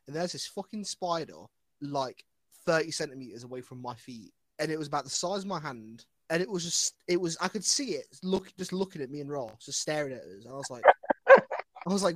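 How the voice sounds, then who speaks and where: A man with a fairly high voice tells a story with excited, sweary emphasis. His voice sits close to the mic, and the sound is dry and direct. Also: no room sound. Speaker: podcast co-host. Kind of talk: casual chat, storytelling.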